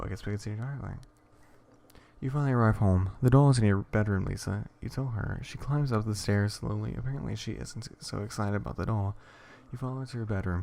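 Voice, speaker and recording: A man reading an interactive horror story aloud in a hushed, would-be ASMR tone, stumbling over words and stopping to joke. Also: lowish voice, gravelly. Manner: rambling, stumbles and self-corrects, jokes between lines. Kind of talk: casual reading with asides.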